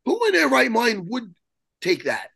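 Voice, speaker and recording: A man telling a story as a guest in an interview, excitable and profane, rambling and restarting his sentences. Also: very high voice, unhurried, vocal fry, breathy edge, dry recording. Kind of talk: animated storytelling in a podcast interview.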